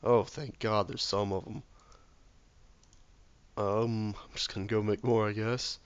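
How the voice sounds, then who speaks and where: Brief: hoarse sick guy, lowish voice, mumbly gameplay commentary on a dull lo-fi mic. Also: fairly even intonation, unhurried. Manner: mutters to himself, often drops to a soft, near-whispered voice. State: hoarse from illness. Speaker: gameplay video maker.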